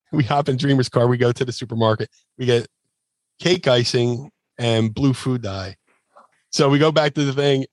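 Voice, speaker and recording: A man's voice: mid-range voice, dry recording. A man telling a casual anecdote as a guest, rambling with fillers and restarts and acting out quotes in shifting voices. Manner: animated storyteller, acts out quotes in shifting voices.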